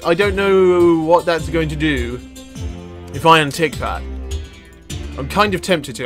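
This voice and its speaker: A young man gives fast-reacting let's-play commentary into a desk mic. His voice sits a little high for a man, and he jumps between mutters and loud yelps. He swears freely and chats to the game's characters as if they were standing in front of him. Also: faint music behind. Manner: excitable, swears and laughs, talks to game characters. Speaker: gaming channel host.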